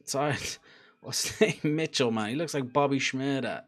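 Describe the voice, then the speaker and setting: A young man streams a football watchalong, reacting live in a casual, chatty way, laughing, swearing and urging on the players. His voice is mid-range and his pace moderate.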